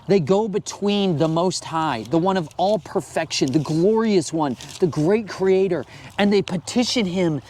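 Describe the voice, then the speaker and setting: A man reading scripture aloud and then commenting on it in a conversational, animated sermon style. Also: high-pitched, measured pace, slight background noise. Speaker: Bible teacher.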